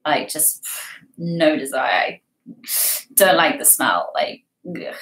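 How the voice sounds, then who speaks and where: A woman's voice: low voice, big pitch swings, slow pace, long pauses, a bit bright, in a whisper. Giggly chatty woman in a roomy echo. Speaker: livestream host. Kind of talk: casual livestream chat reading viewer comments.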